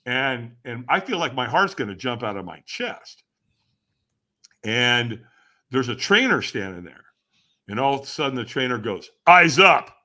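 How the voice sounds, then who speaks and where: A man who is a guest on a podcast, telling a story dramatically and acting out the voices and shouts of the people in it. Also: mid-range voice. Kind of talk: animated storytelling.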